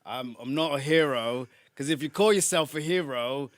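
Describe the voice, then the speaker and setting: A man's voice: a little high, normal speed, no room sound, studio quality, close to an everyday voice. A man voicing a cocky young male punk superhero in a put-on South London accent, calling people "bruv". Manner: drops "bruv" into casual boasting.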